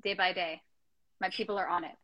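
A young woman hosting a casual video chat, playful and quick to laugh. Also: fairly low pitch, steady tone, sharp tone, lo-fi sound. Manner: playful, chatty, laughs often. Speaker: host.

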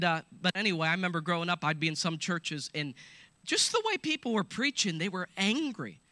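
A man preaching a sermon, animated and joking, laughing between points and calling out to his listeners. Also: high voice, no room sound. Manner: animated, laughing asides, call-and-response. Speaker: pastor.

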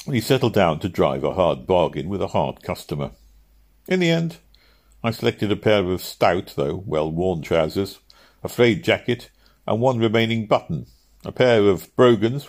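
A man narrating an audiobook in a measured, steady reading. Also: deep voice.

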